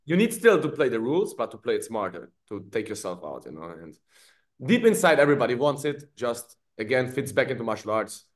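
A man's voice: medium pitch, big pitch swings, fairly quick. A man, a fight coach guest on a podcast, speaking in a blunt, motivational way with short, firm statements. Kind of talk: casual podcast conversation.

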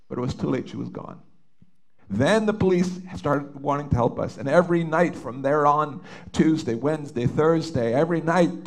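Telling his family's story as a testimony, a middle-aged father from Canada speaks with heartfelt emotion, frequently hesitating and beginning again. His voice is a little high and gravelly.

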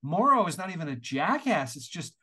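A man from Canada co-hosting a podcast, talking in an animated, exasperated way with plenty of swearing. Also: on the high side, fairly quick, husky. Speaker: podcast co-host. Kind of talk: casual podcast chat.

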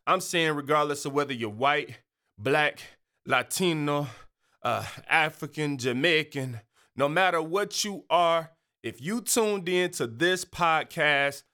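Male podcast host, slightly high voice, playful, jokey and full of energy, with an earnest, preachy streak. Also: expressive, takes it slowly, bright, forceful tone. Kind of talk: casual solo podcast monologue.

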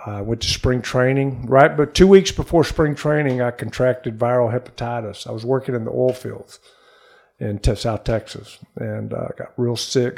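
Gravelly older man telling stories. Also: mid-range voice. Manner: lively storyteller, acts out quotes. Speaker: interview guest, former pro baseball player. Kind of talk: animated storytelling in conversation. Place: studio.

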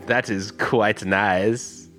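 A man voicing a shrewd, coin-loving male priest, speaking formally and bargaining in measured tones in a tabletop game. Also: fairly low pitch, steady tone, fairly bright tone, faint music behind, voice pushed down. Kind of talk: tabletop role-play as a character.

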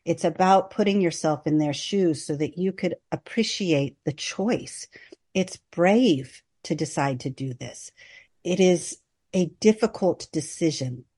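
A woman hospice nurse speaking as a podcast guest, earnest and measured, partly reading aloud from her own book. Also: lowish voice, mellow, slightly rough. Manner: earnest and measured, reads with long list-like pauses.

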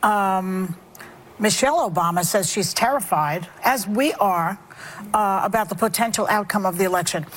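A woman co-hosting a televised panel show, putting earnest, emphatic questions to a guest. Her voice is mid-pitched, and faint background noise sits under it. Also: moderate pace.

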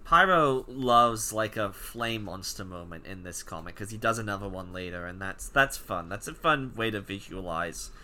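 A man co-hosting a casual comic-book podcast, animated and jokey, with lots of "like" fillers. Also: on the low side, normal speed, few pauses. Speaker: podcast co-host.

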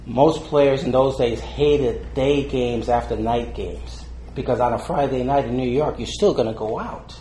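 In a mellow, medium-pitched voice, an older man tells stories during an interview at a measured pace, barely pausing. His casual storytelling is heartfelt and rambling, packed with fillers and punctuated by laughter. There's a roomy feel with faint ambience and slight hiss or hum.

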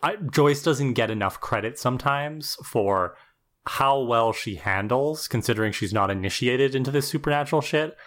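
A man's voice: medium pitch, moderate pace, fairly bright tone. A man co-hosting a casual podcast, analysing a TV episode in a thoughtful, explanatory way, often checking in with "right?". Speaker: podcast co-host.

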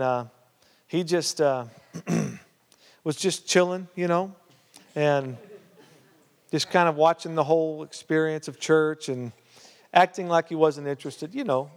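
A man's voice: fairly high pitch, slow pace, long pauses, smooth. Male pastor telling a story in a reverberant hall. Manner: conversational, lots of "uh" and "you know", grows animated. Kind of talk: storytelling sermon.

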